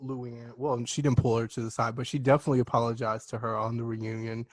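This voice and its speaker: Man co-hosting with quick agreeing quips. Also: mid-range voice, level tone, no room sound. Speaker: podcast co-host. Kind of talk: casual chat.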